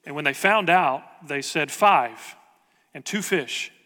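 A man's voice: fairly high pitch, animated, slow pace, pushed and bright, long reverb tail. A man preaching a sermon as pastor, earnest and conversational, asking the congregation rhetorical questions.

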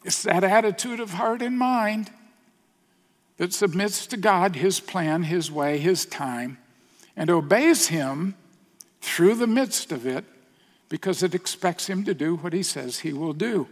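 A middle-aged male pastor delivers a sermon at a very unhurried pace, with a somewhat high voice. His earnest storytelling often sinks to a soft, hushed tone. Long reverb from the hall trails behind his words.

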